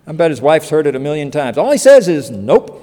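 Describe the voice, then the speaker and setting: A pastor preaching a sermon in a folksy, joking way, acting out quotes, in a church hall. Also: male voice, fairly high pitch, quick pace. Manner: folksy, animated, joking asides and acted-out quotes.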